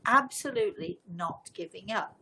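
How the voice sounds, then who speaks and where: A woman's voice: medium pitch, lively intonation, moderate pace, pushed and bright, husky, rough recording. A woman telling a personal story as a medium, in a chatty, rambling way full of asides. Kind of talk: casual storytelling livestream.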